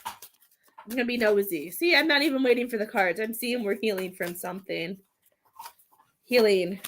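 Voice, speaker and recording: A woman's voice: medium pitch, normal speed, fairly bright tone, slight background noise. A woman giving a live tarot and medium reading in a chatty, emotional way, laughing often between thoughts and coming close to tears. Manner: emotional, near tears at times.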